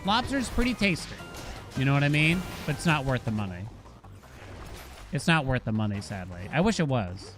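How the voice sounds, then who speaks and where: A man's voice: mid-range voice, lively intonation, a little fast. A man from Massachusetts with a Boston accent, streaming a game and chatting loosely with viewers, joking and swearing freely. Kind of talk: casual gameplay chat with viewers. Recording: game music playing behind.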